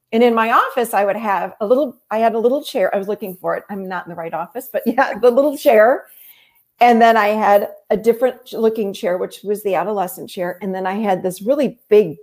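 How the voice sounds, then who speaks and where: A middle-aged woman therapist explaining her ideas in an interview, animated and explanatory, often acting out what people say. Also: a little high. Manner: animated, explanatory, acts out quotes. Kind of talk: conversational interview.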